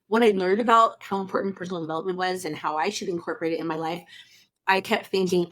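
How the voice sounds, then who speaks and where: An upbeat woman in her thirties hosts a motivational podcast, gushing with thanks and exclamations. Her voice sits at an everyday middle pitch. It is recorded dry and close, with no room sound. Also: a little fast, fairly bright tone, no echo. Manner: gushing, effusive, lots of "oh my gosh". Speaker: podcast host.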